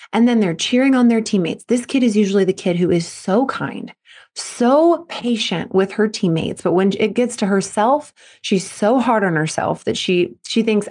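A woman's voice: on the high side, animated, moderate pace, a little mellow. A woman hosting a solo podcast as a mental performance coach, talking in a fired-up, emphatic and earnest way.

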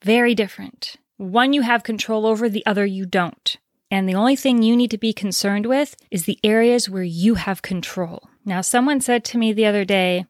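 A woman's voice: mid-range voice, normal speed, no echo, clean studio sound. A woman giving earnest, reassuring relationship advice, repeating key points for emphasis. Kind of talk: direct-to-camera advice talk.

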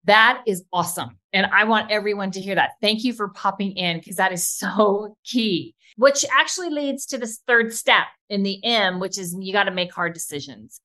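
A woman co-hosting a podcast who talks quickly and with plenty of enthusiasm. Her delivery is lively and conversational, easy-going chat with a listener in mind. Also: medium pitch. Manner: enthusiastic, fast-talking, animated. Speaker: podcast co-host.

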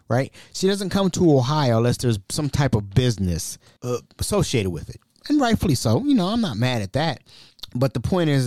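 A man hosting a podcast, telling a family story in a casual, animated and exasperated way. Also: mid-range voice, no echo, studio quality. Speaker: podcast host.

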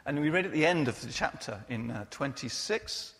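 A man's voice: mid-range voice, expressive, normal speed, a bit bright. A man preaching a sermon in a church, earnest and personal in his delivery. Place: church hall. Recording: reverberant church hall.

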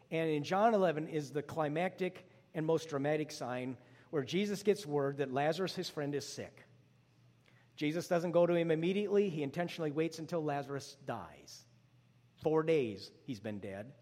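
A pastor preaching a sermon, with sudden rises to loud, emphatic lines and drops to a hush. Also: male voice, fairly high pitch, in a large hall. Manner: dramatic swings between loud emphatic lines and hushed drops.

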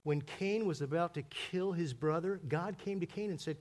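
Male pastor, higher pitch, animated sermon delivery with acted-out scenes. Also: moderate pace. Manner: animated, acts out biblical characters in voices.

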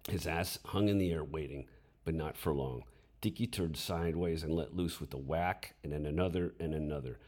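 A man's voice: a bass voice, darkish tone. A man reading his own memoir story aloud, dramatic in delivery and voicing his inner thoughts.

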